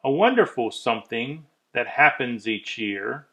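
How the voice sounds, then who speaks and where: Slow man reading a rhyming storybook. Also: medium pitch, rough recording. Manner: measured, expressive rhyming delivery. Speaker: reader of a children's story. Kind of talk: rhyming storybook read-aloud.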